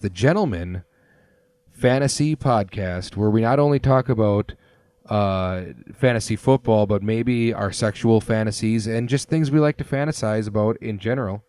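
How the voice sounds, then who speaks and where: A man's voice: fairly low pitch, darkish tone, no room sound. A man in his thirties hosting a casual sports podcast, rambling through stories with plenty of fillers. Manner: rambling storyteller with many fillers. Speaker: podcast host. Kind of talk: casual chat.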